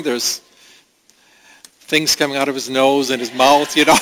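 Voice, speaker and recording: A man's voice: mid-range voice, fairly even intonation, moderate pace, pauses often, sharp tone. Man preaching in a reverberant hall. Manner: earnest preaching with conversational asides. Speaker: pastor. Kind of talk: sermon. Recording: long reverb of a large hall.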